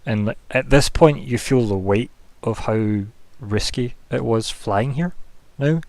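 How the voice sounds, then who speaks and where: A man's voice: mid-range voice, slow pace, darkish tone, no room sound. A man narrating a tabletop game as game master, rambling casually with plenty of fillers. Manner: rambling, loose, full of fillers like "kinda" and "like".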